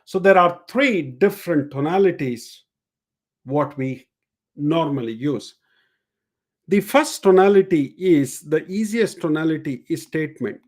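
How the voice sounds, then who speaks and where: Higher-voiced man teaching, repeating key points. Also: expressive, a little slow, a little mellow. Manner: explanatory, repeats key points, demonstrates tones. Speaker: sales and communication coach. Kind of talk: live-streamed teaching session.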